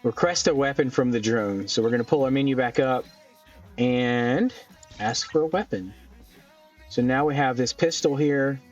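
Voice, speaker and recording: A man of middle pitch talks through a game as he plays, rambling and thinking aloud with plenty of ums. His voice sits a little back from a dull, lo-fi mic. Soft music plays underneath. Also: normal speed, distant mic. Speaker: gaming channel host. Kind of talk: casual let's-play commentary. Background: faint background music.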